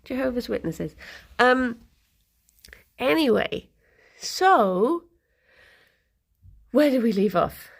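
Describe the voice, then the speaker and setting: A woman's voice: on the high side, expressive, slow, creaky, pauses often. A woman streamer casually telling a rambling story to her live chat, laughing often and correcting herself as she goes.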